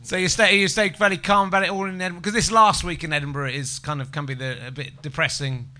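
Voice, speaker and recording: A man's voice: a little high, steady tone, fast, pushed and bright. A man hosting a casual chat, rambling and self-deprecating as he asks questions.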